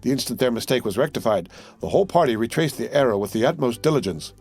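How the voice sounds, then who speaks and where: A man narrates a classic adventure novel in a steady, measured reading. His voice sits at a middling pitch for a man. Soft music plays faintly in the background. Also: husky. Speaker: audiobook narrator. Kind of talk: scripted narration.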